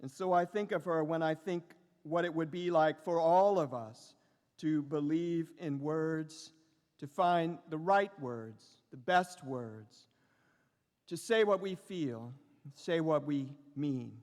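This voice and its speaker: A middle-aged man giving a lecture as a professor, speaking slowly and reflectively with lyrical repetitions and pauses. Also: fairly high pitch, a little mellow. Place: large lecture hall. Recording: long reverb of a large hall.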